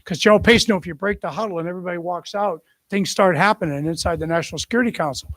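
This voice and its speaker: A man in his sixties, a retired military officer, telling anecdotes in an animated way and acting out the people in them. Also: high-pitched, rapid-fire, dry recording. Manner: animated storyteller who acts out the people in his story. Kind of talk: anecdotal storytelling.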